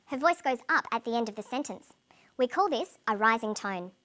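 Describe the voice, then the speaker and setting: Woman english teacher, higher voice, clear scripted explaining. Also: lively intonation, a little fast, pushed and bright. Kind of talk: scripted lesson narration.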